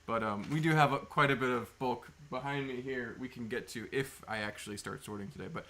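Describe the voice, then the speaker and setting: A man's voice: mid-range voice, a little fast, fairly bright tone. A man hosting a casual livestream, chatting with viewers and greeting them by name, with lots of fillers. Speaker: livestream host. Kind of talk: casual live chat with viewers. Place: indoors, at a table of sorting bins.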